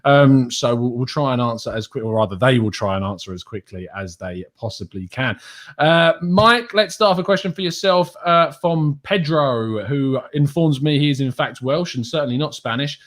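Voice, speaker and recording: A man steering a podcast panel through viewer questions. He speaks at a middle pitch in a brisk, organised hosting manner. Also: expressive, fairly bright tone. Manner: brisk, moderating. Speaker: podcast host. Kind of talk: hosting a live Q&A.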